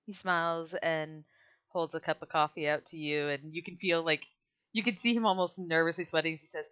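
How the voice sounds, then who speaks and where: A woman's voice: deep voice, steady tone, a little fast, a bit bright, clean tone. A woman narrating a tabletop game as game master, in a casual, descriptive way with asides. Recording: slightly dull lo-fi mic.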